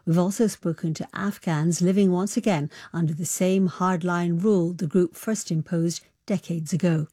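Low mellow female news presenter. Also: steady tone, moderate pace, few pauses. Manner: crisp, formal link reading.

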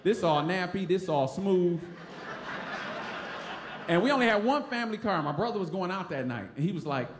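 A man with a Detroit accent telling a story live on stage, animated, acting out voices and laughing often. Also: high-pitched, moderate pace, pauses often, roomy sound, noisy background.

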